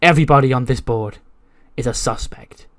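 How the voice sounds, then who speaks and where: A man's voice: medium pitch, moderate pace, close to an everyday voice. A man doing a bossy, vain female wrestler. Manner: bossy, keeps calling her partner a nickname. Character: brash self-obsessed female wrestler detective.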